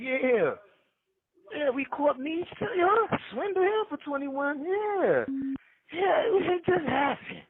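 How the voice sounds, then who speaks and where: Man, podcast guest, very high voice, husky, slangy rambling stories, tinny phone line. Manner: slangy, jumps between names and stories. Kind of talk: rambling street storytelling.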